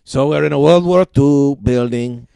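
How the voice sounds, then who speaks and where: A man hosting an improv comedy chat, setting up scenes in a rambling, halting way. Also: medium pitch, vocal fry, warm tone, clean tone, dry recording, studio quality. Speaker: comedy podcast host, sets up scenes.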